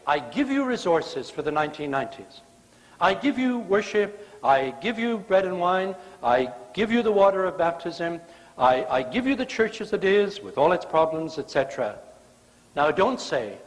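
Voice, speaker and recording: A man's voice: sits high, very animated, moderate pace. A male guest preacher delivering a sermon, telling stories with playful, acted-out quotes. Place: church sanctuary. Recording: long church reverb.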